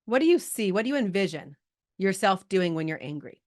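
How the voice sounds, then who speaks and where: A woman's voice: mid-range voice, sing-song, a little fast. A middle-aged woman leading a live coaching call, chatty and filled with likes and rights as she talks straight to her group. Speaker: business coach.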